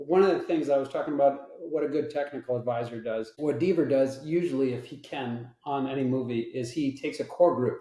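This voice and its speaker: Man, middle-aged, interview guest, lively swearing storyteller, mid-pitched voice, echoey room. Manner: animated, profane, acts out the people in his stories. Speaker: interview guest, veteran and film technical advisor. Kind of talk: casual storytelling chat. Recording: roomy echo.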